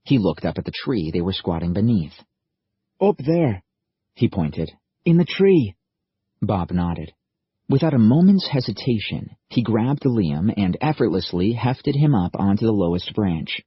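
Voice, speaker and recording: Deep husky male audiobook narrator. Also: animated, normal speed, no echo, dull audio. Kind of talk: scripted narration.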